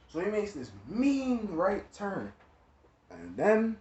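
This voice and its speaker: A man's voice: high voice, sing-song, moderate pace. A young man telling a rambling, slangy story, full of "like" and "you know what I'm saying.". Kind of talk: casual storytime. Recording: echoey room, dull lo-fi sound, faint noise.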